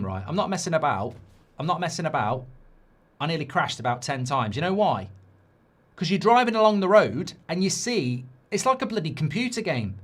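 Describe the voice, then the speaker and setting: A middle-aged man with a voice on the high side hosts a live football watchalong. He rants and swears, mocks people in whiny voices and reads chat messages aloud.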